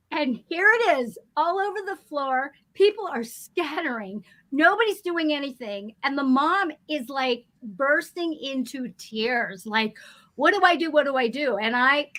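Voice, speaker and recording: Woman, animated storyteller, high and bright voice. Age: adult. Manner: animated, acts out panicked voices in her stories. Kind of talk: casual storytelling chat.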